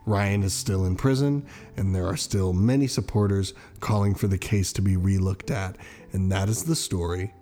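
A man hosting a casual true-crime podcast, telling the case and then giving his opinion in a loose, animated way with swearing. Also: moderate pace, faint music behind. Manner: animated, swearing, jumps into high mocking voices. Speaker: podcast host.

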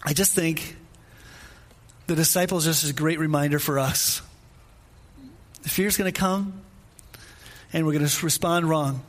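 A man preaching a conversational sermon, repeating phrases for emphasis and putting questions straight to his listeners. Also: a little high. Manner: informal, asks listeners questions directly.

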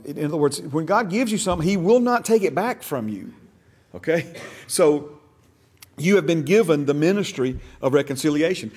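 A man's voice: on the high side, a little mellow. A man teaching a church discipleship class, stressing key words and asking the class questions. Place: church classroom, also streamed online.

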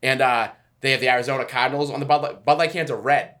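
A man's voice: mid-range voice, fairly even intonation, fast, a bit bright. A man from New England rambling in casual, profane banter with friends, laughing and poking fun at himself. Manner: rambling, profane, laughs often, self-mocking.

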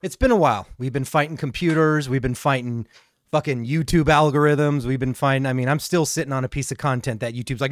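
Man, podcast co-host, casual excitable chat, frequent swearing, dry close sound. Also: mid-range voice, a little fast, no room sound.

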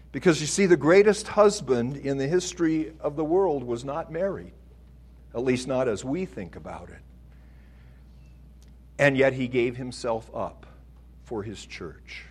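A middle-aged man preaching a sermon, slow and deliberate, building to emphatic swells. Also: mid-range voice, husky.

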